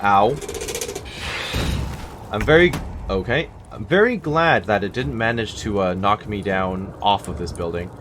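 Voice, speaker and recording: A man's voice: lowish voice, unhurried, background noise. A man giving casual gameplay commentary, with wry asides muttered to himself. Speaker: gameplay video host. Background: game music.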